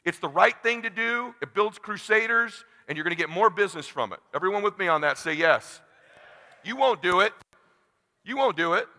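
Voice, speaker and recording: A man in his forties giving a live keynote as a motivational speaker, talking bluntly and intensely and shouting to rouse the audience. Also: high voice, lively intonation, moderate pace. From California, USA. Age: 40s. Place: large conference hall. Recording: long hall reverb.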